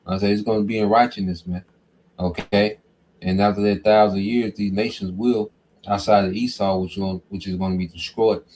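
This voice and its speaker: A man's voice: fairly low pitch, fairly even intonation, normal speed, darkish tone, a little hiss or hum. A man giving informal scripture teaching, talking conversationally and often checking in with "okay?" and "man". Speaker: Bible teacher.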